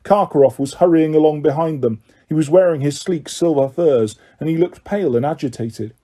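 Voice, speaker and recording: Husky man reading a storybook. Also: fairly high pitch, brisk. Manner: even, steady storytelling. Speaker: audiobook narrator. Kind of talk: scripted narration.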